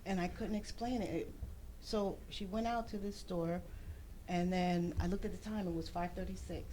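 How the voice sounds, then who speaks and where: A woman talk show guest giving an animated personal testimony, acting out the voices she quotes and using churchy phrasing. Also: lowish voice, moderate pace.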